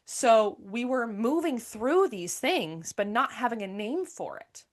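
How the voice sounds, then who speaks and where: A woman's voice: on the high side, very animated, measured pace. A woman hosting her own podcast, telling her story in a blunt, emphatic way with plenty of swearing. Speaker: podcast host and coach. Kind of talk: candid personal monologue.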